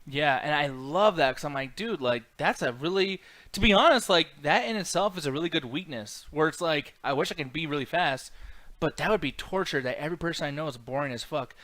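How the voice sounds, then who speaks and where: A man co-hosting a casual show, talking excitedly and swearing freely as he acts out what characters said. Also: fairly high pitch, brisk, dry recording. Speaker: podcast co-host. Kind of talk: casual chat.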